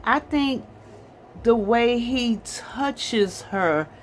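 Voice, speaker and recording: A movie reviewer voicing a scheming woman nanny villain in a falsely sweet, slightly higher voice while retelling a film's plot. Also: expressive, extremely slow, slight background noise. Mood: sly.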